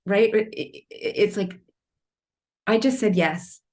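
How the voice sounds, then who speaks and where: A woman's voice: medium pitch, takes it slowly, a little mellow. A middle-aged woman from Kansas City talking as a podcast guest, earnest and emotional, rambling and restarting her sentences. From Kansas City, Missouri. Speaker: podcast guest, tree artist and storyteller. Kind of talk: casual podcast interview.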